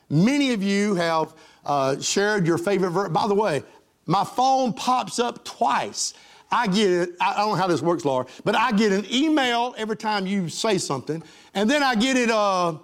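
A middle-aged man preaching a sermon, fervent, rising to loud highs and falling to soft lows. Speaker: pastor.

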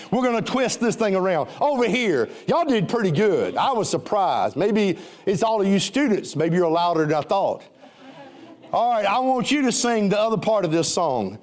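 A male pastor preaching an animated sermon in a church and leading the congregation in call-and-response singing. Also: high voice. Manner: animated, leads the crowd in call-and-response song. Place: church sanctuary.

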